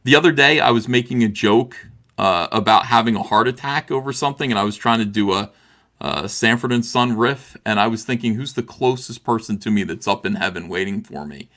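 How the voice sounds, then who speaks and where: In a lowish, slightly bright voice that runs a little fast, a middle-aged man speaks as a guest on a livestream via video call. He's heated and impassioned, repeats himself, and restarts often amid many "uh"s.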